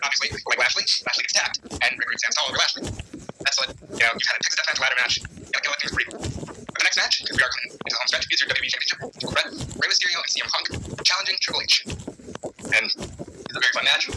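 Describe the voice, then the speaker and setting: A man hosting a casual chat, excitedly retelling a fantasy wrestling card. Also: medium pitch, noisy background. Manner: fast, excitable play-by-play retelling with laughs. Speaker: podcast host presenting a fantasy wrestling card.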